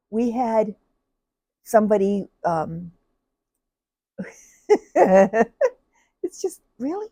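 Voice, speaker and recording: A woman's voice: mid-range voice, very animated, very slow, long pauses, warm tone, no echo. An older woman, a retired telephone operator, telling her work stories in a chatty way, laughing often and acting out the people she dealt with. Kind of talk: casual personal storytelling.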